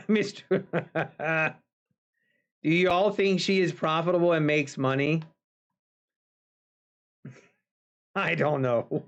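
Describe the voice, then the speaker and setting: A man's voice: fairly high pitch, steady tone, lo-fi sound. A man live-streaming futures trading, chatting casually with viewers and talking to the market. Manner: talks to the market and chat, drawn-out pauses.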